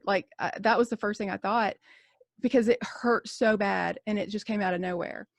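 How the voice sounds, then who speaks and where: A woman's voice: medium pitch, steady tone, moderate pace, no echo. A woman in her forties, a nurse co-hosting a podcast, telling a story in candid, rambling casual chat full of fillers and restarts. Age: 40s.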